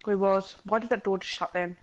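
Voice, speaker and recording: A woman's voice: mid-range voice, steady tone, fairly quick, a little mellow, dull audio. A woman playing a horror game with a friend on stream, nervous and blurting frightened outbursts. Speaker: co-player. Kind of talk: live game stream chat.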